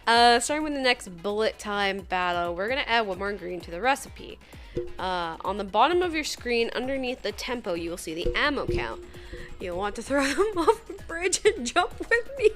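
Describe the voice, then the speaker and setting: A woman's voice: a little high, sing-song, moderate pace, fairly bright tone, soft background music. A woman with a Saskatchewan accent, chatting casually on a game stream, giggling often and swearing casually. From Saskatchewan, Canada. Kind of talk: casual gaming stream chat.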